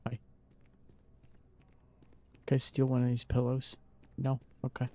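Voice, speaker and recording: Young male let's-player; easygoing, teasing, mid-pitched voice. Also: monotone, a little slow. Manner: jokey, teasing game characters. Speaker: gaming streamer. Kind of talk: casual let's play commentary.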